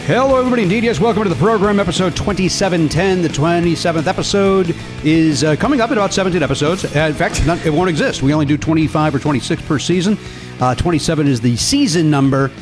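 Fast-talking sarcastic male podcast host. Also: a little high, music in the background. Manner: rambling, sarcastic, profane asides. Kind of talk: casual chat.

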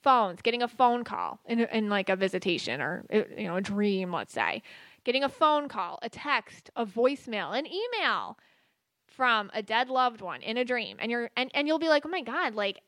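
A woman's voice: on the high side, big pitch swings, normal speed, fairly bright tone, dry recording. A woman hosting a podcast, talking casually with many fillers and restarts. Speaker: podcast host and psychic medium. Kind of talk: casual spoken monologue.

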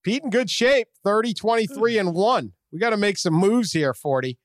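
A man's voice: high voice, lively intonation, normal speed, dry recording, studio quality. A man from Massachusetts with a Boston accent, a podcast host in casual sports chat who stammers a lot and jokes at his own expense. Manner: stammering, self-deprecating, jokey.

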